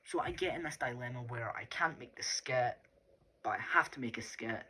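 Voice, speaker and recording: A man's voice: medium pitch, moderate pace, bright, forceful tone, slight background noise. A Scottish man talking casually to his viewers in a rambling, chatty way, full of fillers. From Scotland. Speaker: YouTuber. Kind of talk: casual vlog talk.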